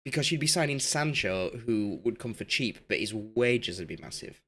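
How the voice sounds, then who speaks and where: Hoarse-voiced male game streamer, rambling. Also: on the low side, animated, moderate pace, a bit bright. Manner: rambling, talks to the game's players as he goes. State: losing his voice. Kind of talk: casual live-stream commentary while playing.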